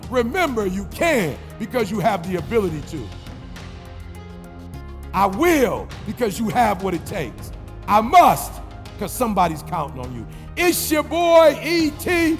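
A man delivering an energetic motivational commencement speech, repeating lines, shouting at the peaks and calling for the crowd to answer. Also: extremely high pitch, unhurried, big-room sound, soft background music. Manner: energetic, repetitive, call-and-response, shouting at peaks. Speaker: commencement speaker.

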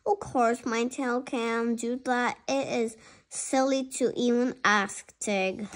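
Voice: mid-range voice, fairly even intonation, takes it slowly. A young reader voicing a young female cat who insists she is a tiger, speaking in an earnest, insistent way during a storybook read-aloud.

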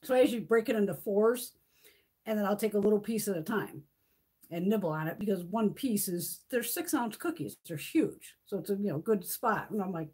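A middle-aged woman hosting a beauty livestream, chatting casually and telling animated stories, swearing freely. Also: mid-range voice, brisk, breathy edge.

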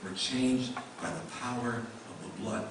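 A man's voice: medium pitch, a little slow, noisy background. A male pastor preaching a sermon in a conversational way, with many rhetorical questions. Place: church sanctuary. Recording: echoey room mic from a distance.

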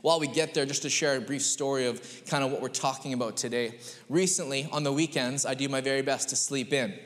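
A man's voice: mid-range voice, quick pace. A man in his thirties, a pastor giving a chatty, story-driven sermon. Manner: chatty, storytelling, animated voices. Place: church sanctuary. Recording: long church-hall reverb.

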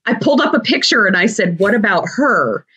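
A woman's voice: mid-range voice, very animated, a little fast, sharp tone, husky, low-quality recording. A woman guest on an interview show, chatty and enthusiastic, telling stories with animation. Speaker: guest, shopping TV host. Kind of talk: casual interview chat.

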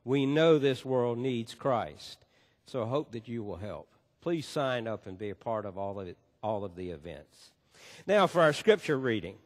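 A man's voice: mid-range voice, sing-song, moderate pace. A male pastor preaching a sermon in a church, telling a story with emphatic delivery. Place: church sanctuary. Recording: long church reverb.

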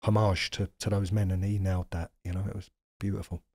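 British guy guesting on a chat show, quick storyteller, low husky voice. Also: little pitch movement, darkish tone. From Britain. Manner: anecdotal storytelling, acts out quoted dialogue. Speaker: guest actor. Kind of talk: casual interview chat.

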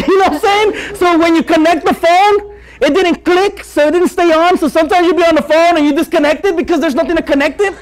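A man preaching to a youth group, telling stories and acting out scenes with Spanish phrases. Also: very high-pitched. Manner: animated storyteller, acts out scenes, mixes in Spanish phrases. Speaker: youth pastor. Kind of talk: youth sermon with storytelling. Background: audience laughing and responding.

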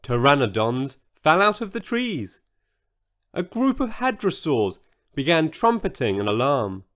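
A man reading a children's bedtime story aloud in a slow, expressive storyteller manner. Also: fairly high pitch. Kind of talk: scripted children's story narration.

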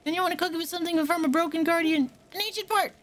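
A woman voicing a fussy, proud young woman cook in a video game, reading her lines aloud in a high, chirpy, indignant voice. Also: very fast, a bit bright.

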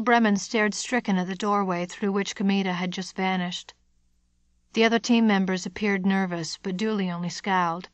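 A woman reading an abridged thriller audiobook in a measured, steady narration on a close studio mic. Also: medium pitch, dry recording.

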